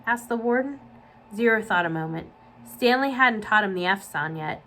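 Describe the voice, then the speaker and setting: A woman children's librarian reading a novel aloud for young listeners, with clear, steady storytelling. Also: medium pitch, normal speed, a little hiss or hum, rough recording.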